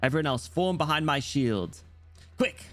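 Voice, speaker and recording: A man's voice: fairly high pitch, expressive, moderate pace, faint music behind. Man reading as a stern female squad commander. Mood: commanding. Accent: British.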